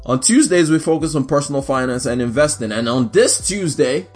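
A man's voice: on the high side, lively intonation, a little fast, soft background music. A young man hosting a casual solo podcast, chatty and rambling. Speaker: podcast host.

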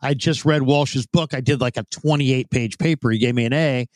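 A man's voice: medium pitch, moderate pace, no echo. A man in his fifties, a former football scout, telling his career story in an interview with frequent restarts. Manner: rambling, with frequent restarts and fillers. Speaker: guest, former football scout turned radio host.

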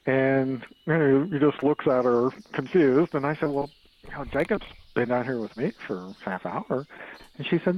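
Halting man telling a story on lo-fi audio. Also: mid-range voice, animated. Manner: halting, repeats words and restarts often; chuckles through the story. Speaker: podcast guest telling a haunting story. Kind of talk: casual storytelling. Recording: dull lo-fi audio.

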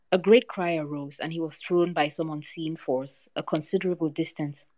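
Low-voiced woman reading a folktale. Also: darkish tone, dry recording. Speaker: storyteller.

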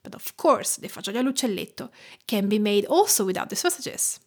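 A woman in her thirties from Tuscany with an Italian accent, hosting a food podcast in a warm, enthusiastic, scripted way. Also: mid-range voice, sing-song, fairly quick, husky. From Tuscany, Italy. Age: 30s. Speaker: podcast host, cooking teacher.

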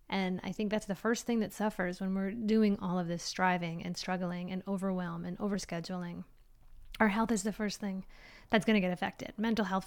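Chatty middle-aged woman, rambling. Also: mid-range voice. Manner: rambling, chatty, many fillers; drops to a soft whisper at times. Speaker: vlogger. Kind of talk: casual reflective monologue.

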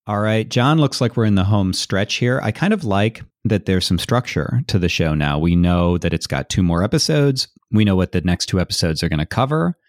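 Deep-voiced man hosting a podcast. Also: animated, moderate pace, hardly any pauses, dry recording, clean studio sound. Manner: thoughtful, reflective, many restarts. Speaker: podcast host. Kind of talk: conversational interview.

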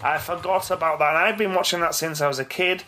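Male co-host, 30s, sharp bright tone, sweary banter, light music bed. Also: on the high side, steady tone, fast. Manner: swears freely, blunt and jokey. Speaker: podcast co-host. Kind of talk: casual chat.

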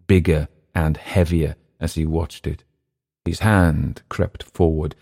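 Man, very deep voice, storyteller, measured, steady narration. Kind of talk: reading a short story aloud.

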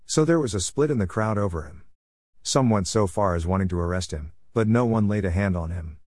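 A man's voice: lowish voice, brisk, a little mellow, no room sound, clean studio sound. A man reading scripture aloud as a scripted reading and speaking each verse number. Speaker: scripture reader.

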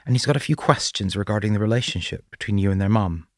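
A man's voice: on the low side, quick pace, dry recording, clean studio sound, lightly acted. A man voicing an earnest, caring female schoolteacher.

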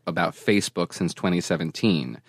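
A man's voice: deep voice, lively intonation, fairly quick, vocal fry, husky, no echo. A man making an emphatic argument as a guest in casual political talk on a podcast.

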